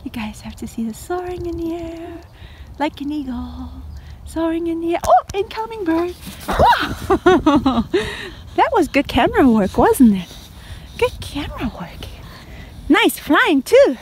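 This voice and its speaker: A woman's voice: extremely high pitch, sing-song, unhurried, slight background noise. A woman vlogger talking to her pet bird in playful baby talk and to her viewers in a casual way.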